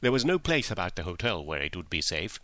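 A man's voice: low voice, big pitch swings, fast talker, sharp tone, no echo, full character voice. A man reading an audiobook, voicing a terrified young male jewel thief who pleads frantically and shrilly. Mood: nervous confession.

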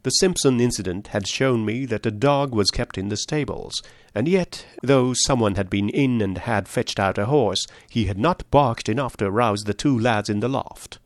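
A man reading a story aloud, voicing a shrewd male detective who lays out his deductions in a measured, precise way. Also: medium pitch, dry recording, natural voice. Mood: explaining.

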